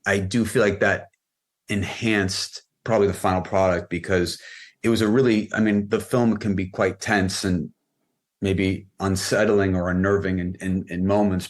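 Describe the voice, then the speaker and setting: A man talking as a director guest on a podcast, rambling in a casual way with many fillers and restarts. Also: sits low. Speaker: film and music video director, guest. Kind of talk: casual interview chat.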